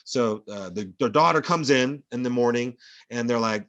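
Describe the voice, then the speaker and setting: A man's voice: mid-range voice, moderate pace, a bit bright. A male professor giving a rambling, anecdotal classroom lecture full of fillers.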